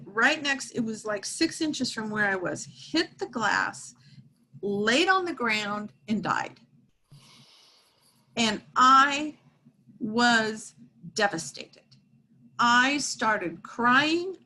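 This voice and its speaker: A middle-aged woman, a medium, telling a heartfelt story and reassuring a support group in an earnest, gentle way. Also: a little high, expressive, slow, a little hiss or hum, poor audio.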